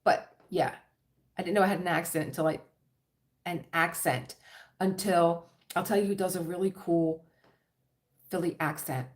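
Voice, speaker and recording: A woman's voice: lowish voice, steady tone, normal speed, pauses often. A middle-aged woman with a Philadelphia accent chatting casually on a crafting livestream, rambling and laughing often. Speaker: diamond painting livestream host.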